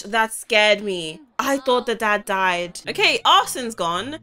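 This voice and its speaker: A woman giving casual gameplay commentary, excitable and prone to gasps and panicked shrieks. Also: high voice, normal speed, hardly any pauses. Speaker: gaming YouTuber.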